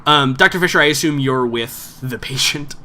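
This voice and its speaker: A man's voice: mid-range voice, moderate pace, sharp tone. A man narrating as game master of a tabletop game, rambling with lots of fillers. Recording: faint background noise.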